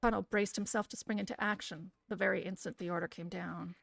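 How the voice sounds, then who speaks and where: A woman reading a visual novel aloud in a soft, soothing voice, with casual, swearing asides. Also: mid-range voice, fairly even intonation, a little fast, gravelly, no echo, clean studio sound. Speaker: streamer reading a game aloud.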